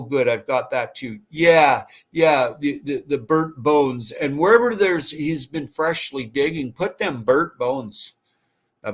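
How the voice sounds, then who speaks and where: A man hosting a casual livestream, chatting with viewers in a rambling, friendly way with many fillers and restarts. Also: mid-range voice. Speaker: livestream host. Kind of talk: casual livestream chat reading viewer comments.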